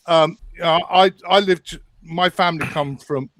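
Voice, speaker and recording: An English man with a soft London accent, a guest on a live video call, chatting casually and playfully with frequent restarts. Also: on the high side, unhurried, no echo. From England.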